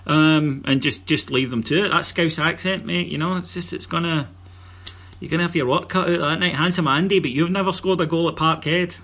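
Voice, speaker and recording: Bright, husky Scottish man hosting. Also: a little high, fairly even intonation, a little fast. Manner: jokey, teasing, plugs the show. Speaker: podcast host. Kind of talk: casual football podcast chat.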